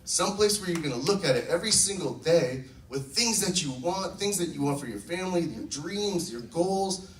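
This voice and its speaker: Upbeat male storyteller, mid-pitched, distant mic, roomy sound, faint hum behind. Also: expressive, moderate pace. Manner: enthusiastic, storytelling, acts out quotes. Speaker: network marketing distributor. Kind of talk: casual testimonial talk to a group. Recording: echoey room, mic from far off.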